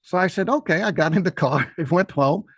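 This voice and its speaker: Older guy rambling thru an old story, slightly high voice, dry close mic. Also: brisk, fairly bright tone, breathy edge, no echo. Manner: rambling, folksy. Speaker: guest. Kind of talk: personal storytelling.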